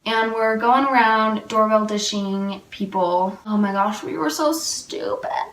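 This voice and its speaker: A woman's voice: medium pitch, measured pace, a bit bright, slight background noise. A young woman telling a storytime vlog, rambling and packed with fillers. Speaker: vlogger. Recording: roomy and a little distant.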